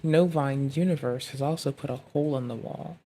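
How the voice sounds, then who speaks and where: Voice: medium pitch, fairly quick, mellow. A co-host chatting casually on a stream, blunt and interjecting, swearing freely. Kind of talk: casual chat.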